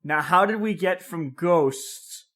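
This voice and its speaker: A man's voice: sits high, slow pace, a bit bright. A young man co-hosting a podcast, in laid-back casual chat with casual swearing. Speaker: podcast co-host.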